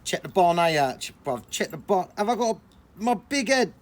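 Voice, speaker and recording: A young man, chatting casually and excitably on a vlog, full of slang. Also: high-pitched, moderate pace. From England. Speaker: vlogger.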